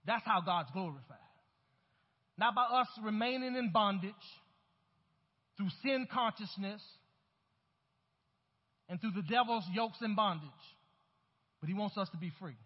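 A man's voice: sits high, expressive, a little slow, pauses often, slightly rough, long reverb tail. A man preaching a sermon as pastor, with emphatic rises and calls to the congregation. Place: church sanctuary. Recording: dull, hollow-sounding church recording.

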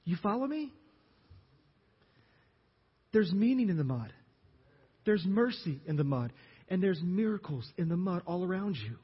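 Pastor with a Louisiana accent, raised voice and husky tone; animated sermon, questions thrown to the congregation, dull audio with long reverb. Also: male voice, high-pitched, a little slow, long pauses. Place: church sanctuary.

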